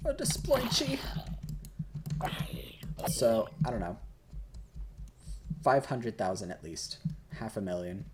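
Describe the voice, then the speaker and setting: A man's voice: lowish voice, a little slow, pauses often, background noise. A tipsy young man hosting a game video, rambling and joking through questions and swearing casually. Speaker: gaming host. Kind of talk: casual Q&A while playing a game. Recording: keyboard and mouse clicks behind.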